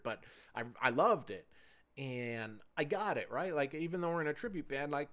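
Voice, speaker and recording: Man in his 40s, somewhat higher voice, rambling solo podcast host, casual and crude storyteller. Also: fairly quick, fairly bright tone. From United States. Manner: loose, profane, chatty storytelling.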